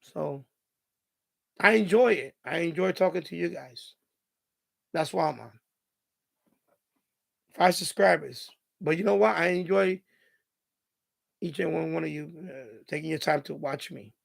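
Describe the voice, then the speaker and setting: Hoarse, raspy live-stream host, gravelly. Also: male voice, fairly high pitch, a little slow, long pauses, no echo, clean studio sound. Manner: rambling advice, heavy on "you know" and restarts. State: hoarse, voice going after hours of talking. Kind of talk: casual live-stream chat.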